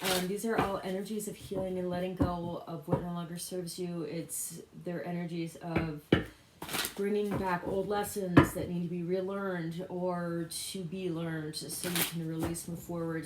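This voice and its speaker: Rambling low-voiced woman reading tarot. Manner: rambling, self-interrupting, loose asides. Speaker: tarot reader. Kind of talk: casual spiritual tarot reading. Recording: echoey room with loud background noise. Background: card shuffling clicks.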